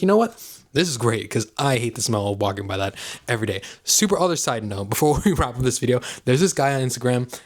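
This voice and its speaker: A man hosting his own vlog, chatting casually and rambling with chuckles and self-mocking asides. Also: medium pitch. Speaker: vlogger host. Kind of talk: casual chat to camera.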